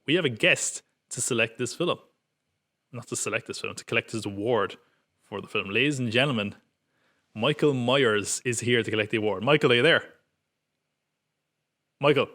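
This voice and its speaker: A man's voice: mid-range voice, normal speed, fairly bright tone. A man hosting a podcast, chatting casually and wryly about upcoming films and poking fun at his own jokes. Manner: wry, self-mocking, joking. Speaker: podcast host. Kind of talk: casual film preview chat.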